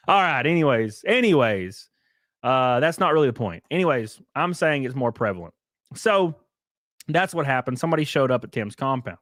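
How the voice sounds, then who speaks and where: Animated man ranting on his stream. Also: medium pitch, fast, no echo, clean studio sound. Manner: rambling, animated, swears casually. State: worn down, says he can barely function. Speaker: streamer and commentator. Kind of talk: casual commentary stream. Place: home studio.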